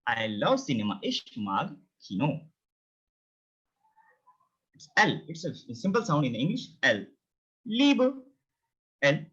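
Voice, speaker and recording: A man's voice: medium pitch, big pitch swings, unhurried, pauses often, bright, forceful tone, husky. A man teaching a beginner language lesson, repeating each word several times. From India. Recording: dull, lo-fi sound.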